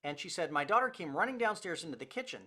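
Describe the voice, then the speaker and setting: A man's voice: fairly high pitch, sing-song, quick pace, sharp tone. A man, a pastor, teaching a recorded lecture and telling anecdotes in a conversational way with quoted dialogue.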